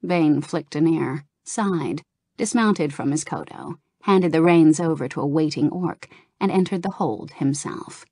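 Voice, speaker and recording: A woman narrating a fantasy novel aloud in a calm, steady reading voice. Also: sits low, unhurried, breathy edge, dry recording. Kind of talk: audiobook narration of a game novel.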